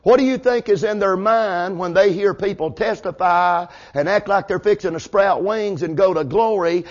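High-voiced shouting preacher. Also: male voice. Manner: swings from hushed to shouting, calls out amen. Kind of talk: fiery revival sermon. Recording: dull lo-fi sound.

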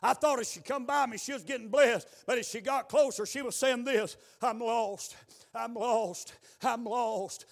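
A man preaching a revival sermon in a church, moving between quiet storytelling and shouted exhortation. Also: extremely high pitch, normal speed, creaky. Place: church building.

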